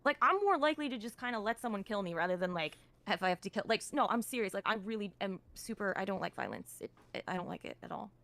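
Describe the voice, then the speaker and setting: A woman's voice: medium pitch, animated, fast talker, creaky, few pauses, a bit bright. A woman arguing defensively on a livestream, exasperated and full of "like" and "I mean". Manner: defensive, exasperated, filler-heavy. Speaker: guest streamer. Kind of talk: heated livestream debate.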